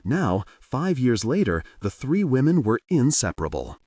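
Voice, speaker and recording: A man narrating an audiobook in an expressive, varied way. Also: mid-range voice, normal speed, no room sound. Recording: dry, slightly distant mic.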